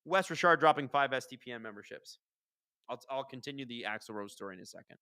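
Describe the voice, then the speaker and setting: Hosting a live hockey watchalong, this man rambles through stories and chats with viewers before snapping back to excitedly call plays. His medium-pitched voice is bright, forceful, and smooth, and he talks fast. The recording is close and dry, with no echo or room sound.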